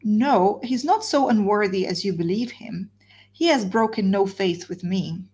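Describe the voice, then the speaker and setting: A woman's voice: medium pitch, a little slow, darkish tone, husky. A woman reading a novel aloud, voicing a heartbroken, wildly despairing young woman who pleads and repeats her words.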